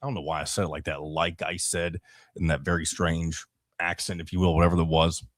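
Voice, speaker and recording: Young man, very low voice, dry close mic, casual sports podcast rundown, rambling asides. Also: little pitch movement, fast, dry recording.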